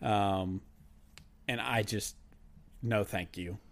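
A man co-hosting a casual sports podcast, animated and mocking, laughing as he talks. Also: on the low side, very slow. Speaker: podcast co-host.

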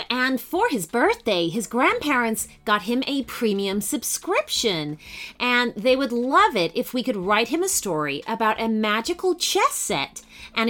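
A woman hosting a children's podcast, expressively narrating a storybook adventure. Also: on the high side. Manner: animated, expressive.

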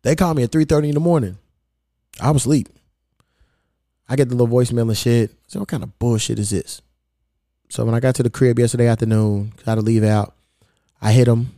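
A man hosting a podcast, telling a long story in a heated, profane, animated way. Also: medium pitch, fast, long pauses, dry recording, clean studio sound. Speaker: podcast host. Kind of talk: casual storytelling rant.

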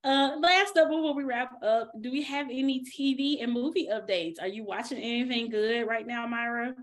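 A woman co-hosting a podcast, chatting casually with an animated, laughing manner. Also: a little high, normal speed. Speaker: podcast co-host. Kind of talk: casual chat.

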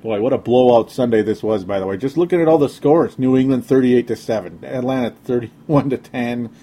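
Minnesota guy rambling on his sports podcast, kinda sarcastic, mellow dark voice. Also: mid-range voice, brisk. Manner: rambling, sarcastic, frequent fillers. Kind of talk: casual sports podcast monologue.

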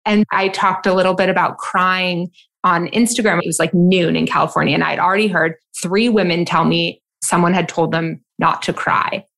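A woman's voice: fairly low pitch, steady tone, moderate pace, creaky, fairly bright tone. A woman hosting a podcast, talking through ideas in a reflective, conversational way with many asides. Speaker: podcast host. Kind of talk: casual conversation.

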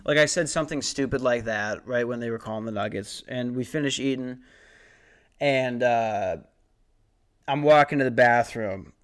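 A young man in his twenties spins a long, rambling comic story on his podcast, swearing freely and mocking himself. His voice is smooth and resonant, pitched in a middle range for a man. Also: normal speed. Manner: rambling, profane, self-mocking. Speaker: podcast host.

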